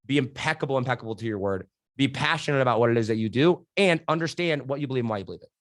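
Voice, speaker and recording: A man's voice: medium pitch, racing, dry recording, clean studio sound. A young adult man speaking as a podcast guest, telling stories energetically with frequent "like" and "right?". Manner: energetic, animated storytelling with many "like" and "right?". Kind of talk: candid interview conversation.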